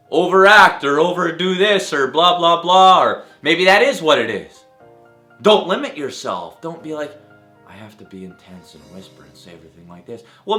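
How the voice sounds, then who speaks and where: A man, a working actor, giving earnest and encouraging acting advice in a casual vlog. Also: mid-range voice. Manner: earnest, encouraging, grows animated. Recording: roomy echo.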